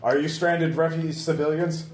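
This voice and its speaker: A man's voice: a little high, flat delivery, normal speed, pitched above the performer's own voice, natural voice. A man voicing a stern, sassy male security robot that gives curt, repetitive refusals, in a tabletop game. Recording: roomy with faint noise.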